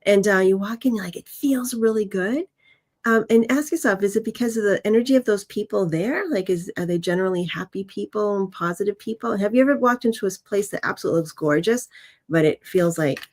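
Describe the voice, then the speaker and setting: A woman's voice: medium pitch, quick pace, darkish tone. A woman co-hosting a casual livestream, talking in an easygoing, reassuring way with plenty of fillers. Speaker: co-host of a weekly intuitive live show.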